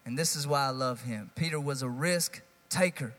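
A male pastor giving a sermon, casual and animated, stressing lines and talking straight to the congregation. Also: mid-range voice, normal speed, big-room sound. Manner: animated, conversational preaching with rising emphasis.

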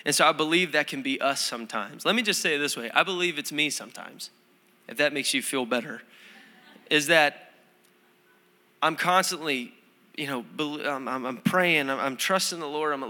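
Bright-voiced pastor preaching in a reverberant hall. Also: male voice, on the high side, brisk. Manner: conversational, self-deprecating humor with frequent fillers and restarts. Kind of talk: sermon.

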